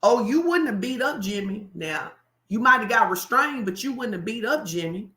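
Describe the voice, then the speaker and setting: A blunt male fitness coach, as a woman puts him on, firing pointed questions in a high, bright voice. He is tough but caring, never easing off. The sound carries in an echoey room. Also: animated, normal speed. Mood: probing.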